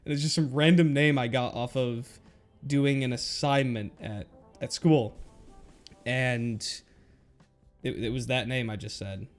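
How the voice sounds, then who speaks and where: A young man talks loosely through his old slides, rambling, laughing and poking fun at himself. His voice sits at an ordinary pitch and he talks into a webcam. Light music plays faintly behind him. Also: steady tone, a little slow, long pauses. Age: young adult. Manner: rambling, self-mocking, laughs often. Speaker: YouTuber. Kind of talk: casual commentary on old school slides. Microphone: webcam recording.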